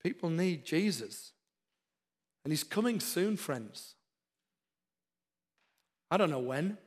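A man's voice: fairly high pitch, lively intonation, slow, husky. A man preaching a sermon, with earnest, repeated exhortations. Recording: long hall reverb.

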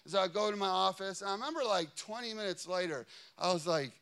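A man's voice: high-pitched, quick pace, a bit bright, clean tone. A man in his thirties preaching a sermon in a large church, telling stories with jokey asides and lots of "you know what I mean.". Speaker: pastor. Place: large church before a congregation.

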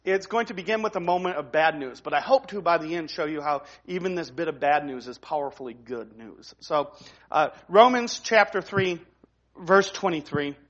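A man's voice: fairly high pitch, highs cut off. A man preaching a sermon in a conversational way, often restarting phrases and checking in with "right?". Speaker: pastor.

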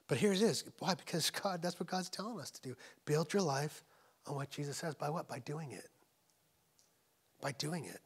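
This middle-aged guest preacher has a slightly high, somewhat rough voice. Giving a sermon at a church service, he leans on repetition for emphasis and alternates between pressing, loud declarations and quiet, almost whispered lines.

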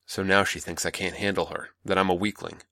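A man's voice: low-pitched, level tone, fairly quick, gravelly, bright, forceful tone, no room sound, heavily acted. A man playing a bitter, wounded young man who talks resentfully and swears, in a dry close recording.

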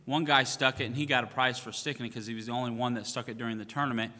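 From the pulpit of a church sanctuary, a male pastor tells a playful, self-mocking story as part of a sermon. His mid-range voice is bright and forceful with a steady tone, racing along while a long echo trails through the hall.

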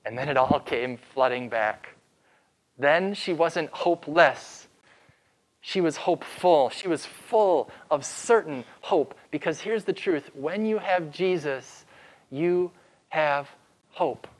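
A man preaching as pastor, retelling a story with dramatic pauses and slowing down for emphasis. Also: fairly high pitch. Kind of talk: sermon.

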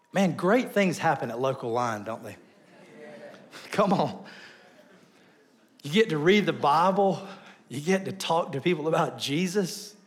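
A man preaching a sermon, telling stories with lively swings between loud bursts and soft asides. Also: mid-range voice. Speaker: pastor.

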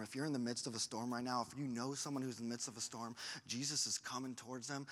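A man preaching a sermon as a pastor, acting out quoted voices and moving between loud bursts and hushed lines. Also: mid-range voice, steady tone, quick pace, hardly any pauses. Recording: hall reverb.

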